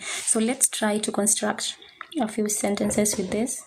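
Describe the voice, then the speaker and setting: A woman teaching French at a board, patiently repeating words slowly for learners. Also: mid-range voice, fairly even intonation, slightly rough. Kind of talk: slow classroom explanation at a board.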